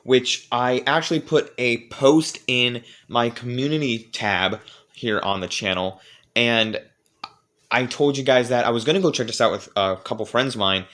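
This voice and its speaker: A man's voice: medium pitch, moderate pace, fairly bright tone. A man reviewing movies in a casual vlog, rambling along with many fillers and restarts.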